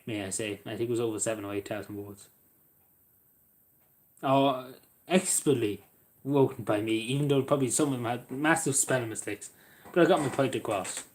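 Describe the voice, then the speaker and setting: A young man with an Irish accent, talking casually to his live-stream viewers at a mid pitch. He rambles from one thought to the next, stumbles over restarts and speaks to viewers by name. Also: moderate pace, pauses often, a little hiss or hum. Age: young adult. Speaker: live streamer reading chat.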